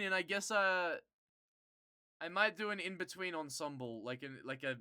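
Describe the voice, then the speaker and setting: A streamer talks casually to viewers, rambling and cursing freely, quickly getting worked up and loud. The voice is bright and sharp with a smooth, clean tone. The sound is close and dry. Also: mid-range voice, no room sound. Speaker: streamer answering chat.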